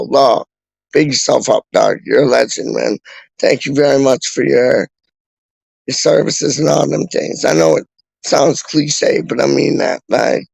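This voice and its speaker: A man's voice: mid-range voice, gravelly, darkish tone, breathy edge, no echo, poor audio. A young man talking casually on a live stream, rambling and slangy as he reads and answers chat. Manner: slangy, rambling, repeats himself. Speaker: livestreamer reading chat.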